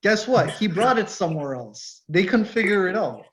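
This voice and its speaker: A man's voice: high voice, sing-song, normal speed, a bit bright, a little hiss or hum, poor audio. A middle-aged man, a mechanic and course instructor, talking casually and animatedly in an online info session, telling stories from his shop and acting out customers. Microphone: video call.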